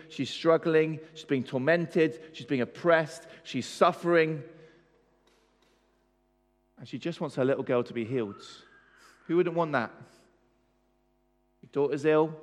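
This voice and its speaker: A man preaching with emphasis, pitched a little high and putting questions to his congregation. His voice rings with a long reverb in a church hall. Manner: emphatic, asks the audience questions. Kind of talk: sermon.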